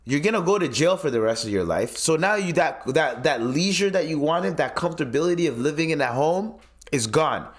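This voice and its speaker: Animated swearing podcast host man. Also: fairly high pitch, a little fast. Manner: animated, swearing, incredulous rants. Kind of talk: casual commentary monologue.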